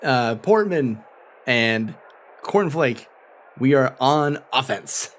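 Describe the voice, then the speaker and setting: A young man narrating as game master of a tabletop game, playful and animated, swearing freely. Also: mid-range voice, slow.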